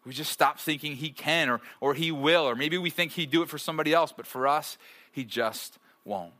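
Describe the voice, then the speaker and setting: A man's voice: on the high side, brisk, sharp tone. A man in his thirties, a pastor preaching to a live church audience in a conversational way, with frequent rhetorical checks and joking asides. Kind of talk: sermon.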